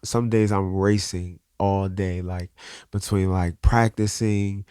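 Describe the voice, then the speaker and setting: A man's voice: sits low, steady tone, mellow, smooth, dry recording, clean studio sound. A man speaking as a podcast guest in a candid, earnest way, often restarting his sentences. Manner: earnest, open, halting restarts. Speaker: guest artist. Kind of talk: candid conversational interview.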